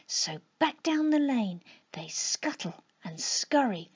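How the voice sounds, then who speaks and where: A woman reads a rhyming bedtime story in a lively, sing-song voice, often sinking to a whisper. Her tone is soft and husky, and she takes her time. The recording sounds dull and lo-fi. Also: a little high, slow pace. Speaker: children's author reading her story.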